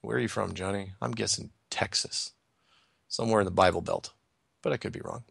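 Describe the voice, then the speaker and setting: A man's voice: fairly low pitch, fairly quick, gravelly, a bit bright, breathy edge, no echo, studio quality. A man hosting a call-in radio show, talking casually and rambling as he corrects himself and reads listener emails aloud.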